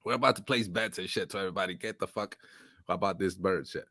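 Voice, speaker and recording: In clean studio audio with no room sound, a low-voiced man talks fast as he co-hosts a casual podcast. He tells a long story animatedly, swearing heavily and acting out other people's voices.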